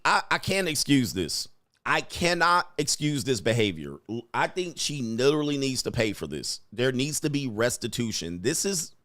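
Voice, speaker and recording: A man's voice: medium pitch, a bit bright, dry recording, studio quality. Blunt, profane male commentator. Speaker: commentary host and coach. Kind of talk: reaction commentary.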